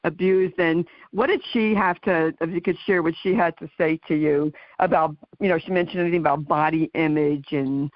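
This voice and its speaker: A woman's voice: low-pitched, fairly even intonation, moderate pace, hardly any pauses, dry recording. A woman in her sixties hosting an interview, chatting casually with fillers and laughs. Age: 60s. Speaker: interview host. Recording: dull lo-fi dry sound.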